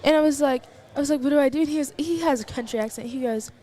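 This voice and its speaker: High-pitched, fast, and dark in tone, this Texan teen co-hosts a live archery stream with a Texas accent. Her casual commentary drifts into chatty, rambling stories punctuated by giggles.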